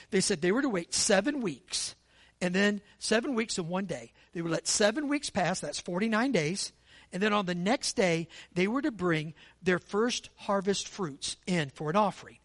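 A man's voice: high voice, a bit bright. A male pastor delivering a sermon in an easy, conversational tone. He keeps asking the congregation for agreement and speeds up on his asides. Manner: conversational, asks the congregation for agreement with repeated "right?".

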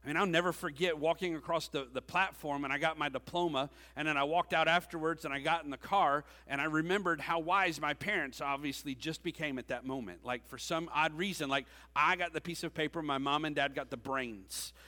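Brisk and barely pausing, a man in his forties speaks in a fairly high, pushed, bright voice. He's a youth pastor giving a chatty sermon with joking asides to his congregation, recorded in a church sanctuary with long hall reverb.

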